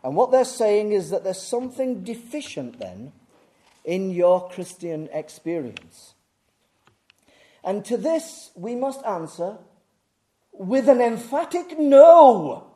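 A man preaching a sermon, swinging from booming emphasis to hushed, intense delivery. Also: very animated, slow pace.

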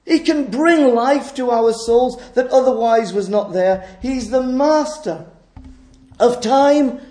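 A man preaching a sermon in an earnest way, asking rhetorical questions and moving between loud and hushed delivery. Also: very high voice, slow, reverberant.

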